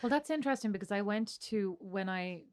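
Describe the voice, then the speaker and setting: Co-hosting a podcast, a woman from Ireland keeps the conversation loose, cutting herself off mid-thought and laughing readily as she rambles. Her mid-range voice has lively intonation and moves fairly quickly.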